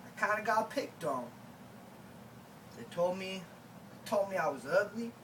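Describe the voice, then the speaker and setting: Bright-voiced man rambling a mock-sad monologue. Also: high voice, expressive, unhurried, far from the mic, slight background noise, poor audio. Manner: rambling, mock-sorrowful storytelling. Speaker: comic monologuist. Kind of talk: comedic character monologue.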